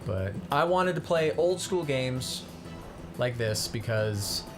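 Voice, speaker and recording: A man's voice: medium pitch, takes it slowly, music in the background. A man casually commenting on a game he plays, explaining its systems with plenty of ums. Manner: relaxed, explanatory, many ums and uhs. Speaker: co-host and player of a gaming channel. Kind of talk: casual let's-play commentary.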